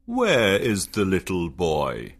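A woman voicing a big, kind, lonely male giant who grows old, in a storybook reading for English learners, speaking slowly and deeply. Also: wildly swooping pitch, husky, exaggerated voice. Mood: longing. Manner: slow, deep, booming.

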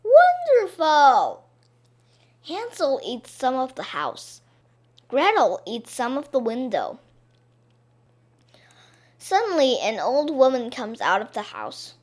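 A woman narrating a children's story in a clear, expressive way, made simple for learners. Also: sits high, slow, long pauses.

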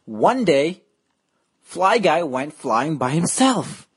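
A woman reading a picture book to children, drawing every word out very slowly. Her pitch swoops up and down as she plays up the story, and her voice has a soft, breathy edge. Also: very animated. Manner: slow, playful, exaggerated reading.

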